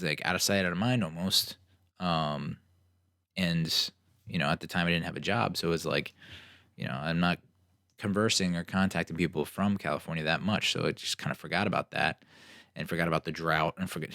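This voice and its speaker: A young man with a very deep voice tells stories on his podcast, casual and sarcastic. He keeps it animated and slips into mocking versions of the people he met. The sound is dry and close. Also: brisk, dry recording. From New Jersey. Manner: animated, sarcastic, acts out other people's lines. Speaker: podcast host. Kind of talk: casual solo storytelling.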